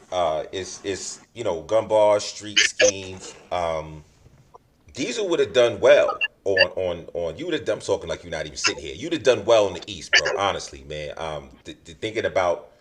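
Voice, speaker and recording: This is a man hosting a relaxed podcast conversation. His pitch swings around a lot as he talks, and he rambles, starting over again and again. The recording has a clear layer of background noise under his voice. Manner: rambling, full of restarts and fillers. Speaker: podcast host. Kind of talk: casual chat. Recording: noisy background hiss.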